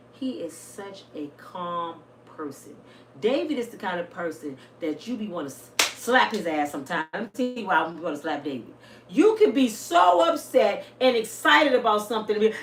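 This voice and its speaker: A woman in her fifties holds forth to her viewers, blunt, salty and full of storytelling energy. Her pitch leaps and dips as she talks. She sits a bit away from the mic in an echoey room with a faint hiss behind her. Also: lively intonation, moderate pace, fairly bright tone, recorded from a distance. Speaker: vlogger. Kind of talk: casual monologue to viewers.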